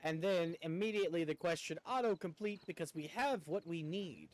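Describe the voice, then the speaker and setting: A man's voice: a little high, moderate pace, a little hiss or hum. A man streaming a video game, chatting casually as he plays, rambling and stammering and poking fun at himself. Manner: rambling, stammering, self-mocking. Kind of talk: casual gameplay commentary.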